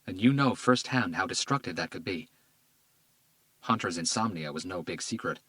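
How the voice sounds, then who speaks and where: A man narrating a crime thriller audiobook in a measured, grave read. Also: fairly low pitch, fairly bright tone, dry recording.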